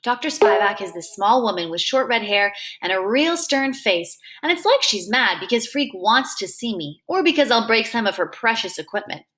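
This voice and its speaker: A woman reads a novel aloud, telling it in the first person. Her delivery is plain and conversational, at a middle pitch. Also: lively intonation, moderate pace, hardly any pauses, fairly bright tone. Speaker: reader. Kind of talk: storybook reading aloud.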